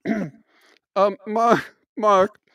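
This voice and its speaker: A man voicing a goofy self-proclaimed German expert professor, in a clumsy mock German accent that slips, speaking in halting, pompous broken English. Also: sits high, fairly even intonation, fairly bright tone, no echo, full character voice. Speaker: show host in disguise.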